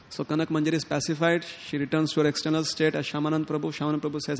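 Animated man telling a devotional story in a hall. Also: a little high, very fast, hardly any pauses. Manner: animated, quotes characters in lively tones, chuckles often. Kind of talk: sermon storytelling. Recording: long hall reverb.

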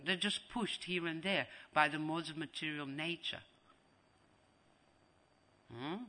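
A man's voice: a little high, slow pace. A man giving a devotional lecture as a spiritual teacher, repeating phrases for emphasis and acting out scenes. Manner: animated, acts out scenes.

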